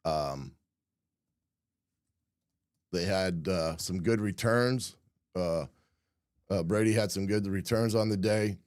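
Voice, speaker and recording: A man with a deep, low voice that has gone hoarse walks through football game film in a casual way. He clears his throat often and leans on "uh" and "um" as he talks. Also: slow pace, long pauses, a little mellow, no room sound, clean studio sound. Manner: frequent throat clearing, many fillers. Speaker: football analyst host.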